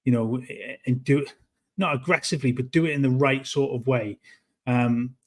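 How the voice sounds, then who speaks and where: A man from North East England co-hosts a football podcast, chatting casually in a steady, mid-range voice. His speech is halting, full of restarts and repeated words.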